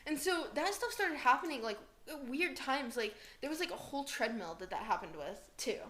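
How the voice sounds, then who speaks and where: Young woman podcast cohost, kinda high voice, lots of laughing, acts out quotes. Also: lively intonation, moderate pace, a bit bright. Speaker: podcast co-host. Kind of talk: casual storytelling chat.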